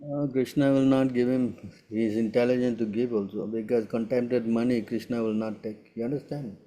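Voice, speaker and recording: A man's voice: mid-range voice, steady tone, a little fast, dark tone. A man acting as spiritual teacher in a Q&A session, speaking emphatically and keeping checking his listeners follow with short tag questions.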